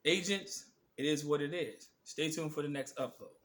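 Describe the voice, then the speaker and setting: A man with a high voice holds forth in a preachy, profanity-laced rant. His tone is bright and forceful. He drags out words for emphasis as he lectures his viewers. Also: moderate pace. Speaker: channel host. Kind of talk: ranting political commentary monologue.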